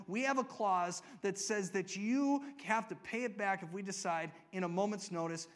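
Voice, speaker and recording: A man preaching a sermon, reading scripture and talking conversationally, moving between loud excitement and hushed asides. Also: sits high. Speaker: pastor.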